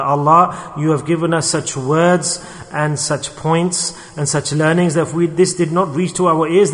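A fairly high-voiced man preaches a sermon to a gathering. He tells a parable and voices the mocking onlookers with a rising, animated pitch. His voice rings out with long hall reverb. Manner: storytelling, acting out quoted people with rising pitch.

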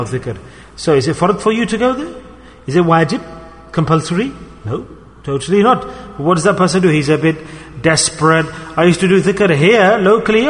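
A man's voice: fairly high pitch, a bit bright. Preaching man in a reverberant hall. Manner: asks the audience questions and calls for responses. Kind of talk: sermon to a congregation.

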